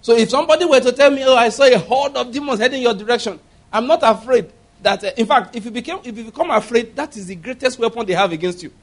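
A man's voice: extremely high pitch, fast. A man preaching a sermon, telling a story with acted laughter and emphatic direct questions to the congregation.

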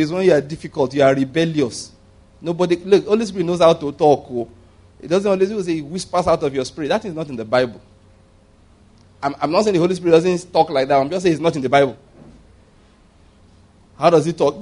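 A male preacher delivers a sermon in a slightly raised voice. He is animated and humorous, stumbling over restarts and acting out the voices of the people in his stories. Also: on the high side. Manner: animated, humorous, acts out quoted voices, frequent laughs and restarts.

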